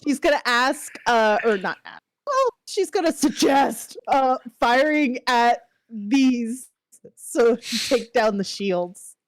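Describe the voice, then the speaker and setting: A woman playing a tabletop role-playing game, explaining her move in a halting, tentative way. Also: a little high, lively intonation, no room sound. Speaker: player. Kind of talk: casual tabletop game talk.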